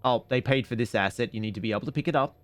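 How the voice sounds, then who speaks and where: A male streamer talking through a video game, dry and jokey, often muttering to himself. His voice sits at an ordinary middle pitch, and he riffs sarcastically on what he finds. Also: racing, dry recording, soft background music. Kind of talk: casual gameplay commentary.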